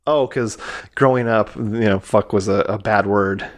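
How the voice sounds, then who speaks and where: Male podcast co-host, lowish voice, relaxed chatty recaps with quick voiced quotes. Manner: retells scenes with quick acted quotes. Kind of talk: casual movie review chat.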